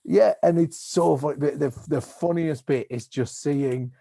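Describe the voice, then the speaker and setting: A man's voice: a little high, a little slow, vocal fry, a crowd in the background. A man who is a comedian, a guest in a casual conversation over a video call, rambling animatedly and acting out voices as he tells stories.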